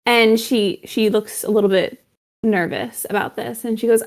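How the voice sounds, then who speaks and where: A woman's voice: a little high, steady tone, moderate pace. Woman game master narrating.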